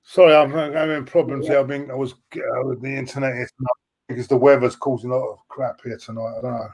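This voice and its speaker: A man's voice: medium pitch, steady tone, fast, a little mellow. A man co-hosting a casual football chat, talking in a flustered, distracted way. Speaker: co-host.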